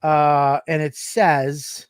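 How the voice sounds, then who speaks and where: A man's voice: fairly high pitch, very slow, clear, resonant tone, no room sound, studio quality. A man co-hosting a podcast, telling profane stories animatedly in casual chat. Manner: animated, profane storytelling with mock voices. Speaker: podcast co-host.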